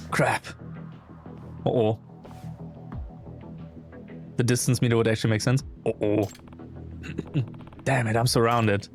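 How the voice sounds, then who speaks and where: A man's voice: medium pitch, little pitch movement, slow pace, pauses often, faint music behind. A man streaming a game live, reading its dialogue aloud and making wry muttered asides.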